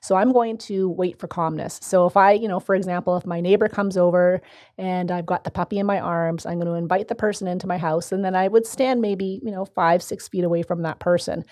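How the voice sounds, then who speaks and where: A woman co-hosting a podcast, calmly talking through dog-training steps in a practical way. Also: fairly low pitch, brisk, no echo, studio quality. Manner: practical, step-by-step, with fillers. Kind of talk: casual conversational podcast.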